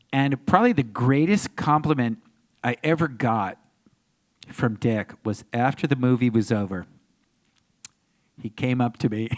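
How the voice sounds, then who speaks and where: A man in his sixties telling stories as a panel guest, animated and acting out the other voices in them. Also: medium pitch. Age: 60s. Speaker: actor guest on a convention panel. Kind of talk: anecdotal Q&A storytelling. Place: convention panel room.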